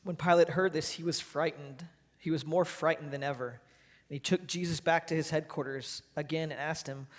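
A man's voice: a little high, steady tone, normal speed. A man preaching a sermon as pastor to his church, emphatic and driving his points home with repeated phrases. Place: church sanctuary. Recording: long hall reverb.

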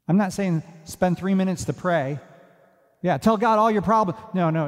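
A man preaches in a church, his fairly high voice carrying with a long hall reverb behind it. He moves between soft, hushed asides and earnest, emphatic declarations. The tone is that of a pastor speaking to his congregation. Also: moderate pace. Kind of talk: sermon. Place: church sanctuary.

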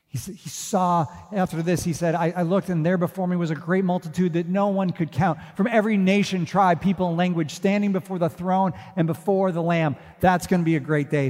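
A man preaches in a church, his fairly high voice carrying with a long hall reverb behind it. He moves between soft, hushed asides and earnest, emphatic declarations. The tone is that of a pastor speaking to his congregation. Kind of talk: sermon. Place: church sanctuary.

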